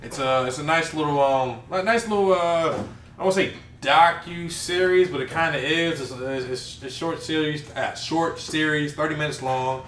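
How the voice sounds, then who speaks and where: A man's voice: a little high, moderate pace, a bit bright, a little hiss or hum. A man hosting a casual podcast, talking in loose, slangy banter. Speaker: podcast host. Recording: echoey room, off-mic, faint ambience.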